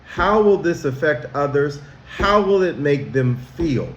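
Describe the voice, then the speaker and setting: A man, a school counselor, teaching children about manners in a slow, emphatic way, asking them questions directly. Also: a little high, animated, reverberant, highs cut off.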